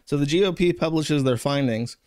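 A man's voice: fairly high pitch, brisk, a little mellow, no echo, clean studio sound. Sarcastic rambling male commentator. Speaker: streamer commentator. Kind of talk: casual commentary.

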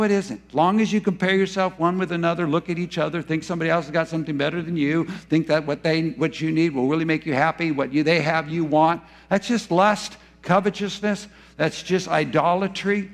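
A man preaching a sermon as pastor in a church, moving between hushed, slow lines and loud, urgent ones. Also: a little high, lively intonation. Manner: dramatic retelling with acted quotes, swinging between hushed and loud.

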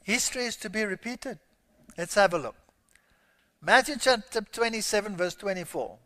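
A high-voiced man preaches with a bright, ringing edge. He reads scripture emphatically and lifts into loud exclamations. His voice carries a long reverb from a large hall. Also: lively intonation, normal speed. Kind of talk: sermon.

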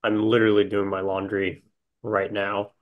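A man's voice: fairly low pitch, little pitch movement, moderate pace, phone-quality sound. A man playing as a contestant on a podcast game, joking and laid-back. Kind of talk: casual podcast banter.

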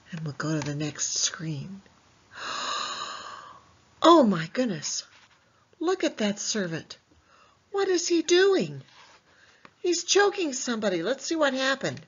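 A woman teaching a Bible lesson to young children in an animated way, asking them questions and answering them herself. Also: mid-range voice, breathy edge, muffled recording.

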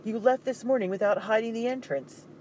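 A man's voice: sits high, lively intonation, a little fast, darkish tone, a little hiss or hum, voice pushed up, low-quality recording. A man reading aloud, voicing a scheming male fur trader who snaps and scolds harshly. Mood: furious. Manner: harsh, snapping.

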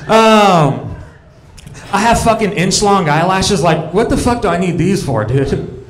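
A man's voice: high voice, animated, measured pace. A young man doing a crude, rambling stand-up set on a comedy club stage, talking to the crowd.

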